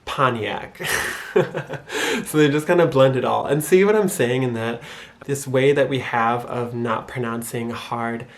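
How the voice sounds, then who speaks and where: A man's voice: medium pitch, a little slow. Chuckling young man with Michigan accent. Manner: chuckles often between sentences; demonstrates pronunciations by exaggerating them. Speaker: vlogger. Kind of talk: casual explainer vlog.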